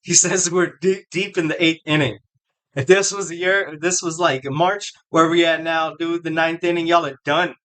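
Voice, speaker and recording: A man's voice: on the high side, fairly even intonation, normal speed, fairly bright tone, smooth. A male host giving casual ranting commentary, mocking and profane, full of slang.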